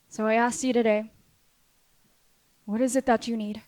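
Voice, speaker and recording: A woman's voice: a little high, little pitch movement, normal speed, long pauses, darkish tone, no echo. A woman pastor preaching a sermon in a church, impassioned and repetitive, addressing the congregation directly.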